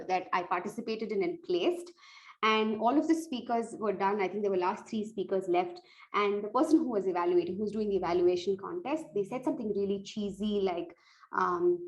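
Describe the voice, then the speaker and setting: A woman's voice: mid-range voice, poor audio. A woman giving earnest, direct tips on evaluating speeches, restarting phrases as she goes. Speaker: speech contest coach.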